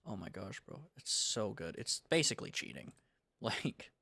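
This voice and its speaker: A man's voice: lowish voice, sing-song, moderate pace, gravelly, sharp tone, husky, no echo. A young man from the United States chatting casually on a game-dev livestream, rambling and laid-back, full of slang. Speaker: game developer streaming.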